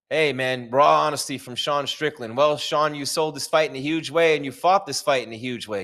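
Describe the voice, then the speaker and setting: An excited man giving live commentary on a fight result, emphatic and exclamatory. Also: mid-range voice, fairly quick, few pauses.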